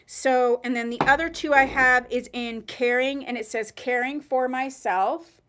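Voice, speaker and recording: A woman hosting a live online wig sale, describing products in a chatty, unhurried way. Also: sits high, fairly even intonation, fairly bright tone. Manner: chatty, unhurried, drawn-out pauses. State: hiccuping. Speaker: online wig shop host.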